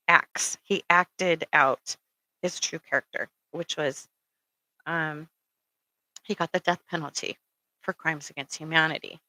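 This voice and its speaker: She's a middle-aged spiritual speaker whose voice sits low and sounds pushed and bright, captured on a rough recording with no echo. Her advice wanders casually, peppered with ums and frequent "okay?" check-ins.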